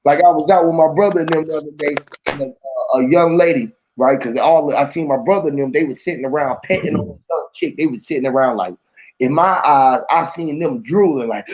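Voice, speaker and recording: High-pitched dude rambling thru a story, loud slangy chat, does all the voices. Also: male voice, brisk, muffled recording.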